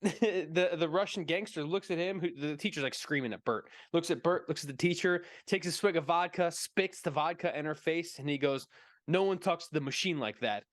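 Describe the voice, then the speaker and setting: A man on a casual movie stream tells a story with lots of energy, slipping into the voices of the people in it and laughing as he goes. His voice sits a bit high for a man, and the sound is dry and close. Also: moderate pace, hardly any pauses, no room sound. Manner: animated storyteller, acts out quotes, laughs often. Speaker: podcast co-host. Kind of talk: casual movie chat, retelling a comedian's story.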